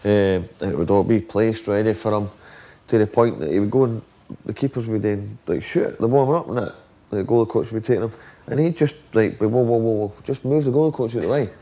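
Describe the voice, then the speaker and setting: A man's voice: on the low side, a little fast, warm tone. A Scottish man, a former footballer, telling rambling, profane dressing-room stories and acting out what others said. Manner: swearing, rambling anecdotes acting out quotes. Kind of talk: casual storytelling chat.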